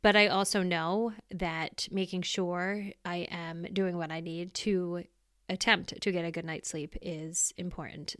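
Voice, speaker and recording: A woman's voice: on the low side, fairly bright tone, clean tone, no echo, studio quality. A middle-aged woman hosting a solo podcast, talking candidly and reflectively in a casual, plainspoken way. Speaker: podcast host.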